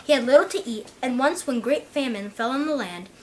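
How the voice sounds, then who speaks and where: Woman reading a fairy tale, kinda high voice, plain pace, faint hum. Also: a little fast, poor audio. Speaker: narrator.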